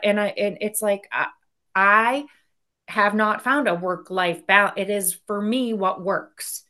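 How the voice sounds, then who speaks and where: A woman speaking as an executive guest in a casual interview. Her voice is bright and forward. She talks candidly and energetically, in quick bursts that trail off. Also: medium pitch.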